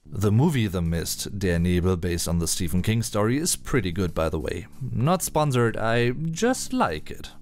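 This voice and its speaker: Lively man teaching. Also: on the low side, normal speed, soft background music. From Germany. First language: German. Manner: chatty, playful asides, careful pronunciation. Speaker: German language teacher. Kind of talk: online language lesson.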